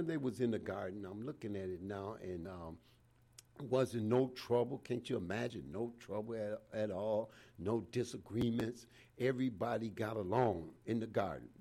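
A man's voice: lowish voice, vocal fry, darkish tone, breathy edge. A man in his seventies preaching an informal sermon in a folksy way, dropping in "praise the Lord" again and again. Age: 70s.

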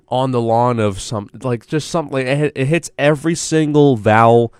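A man's voice: mid-range voice, clear, resonant tone, no echo, clean studio sound. A young man hosting a college radio show, rambling and correcting himself as he thinks aloud in a casual solo chat.

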